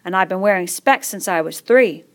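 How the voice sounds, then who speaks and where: A woman's voice: medium pitch, normal speed, natural voice. A woman voicing an anxious, plump boy with asthma, asking eager, worried questions.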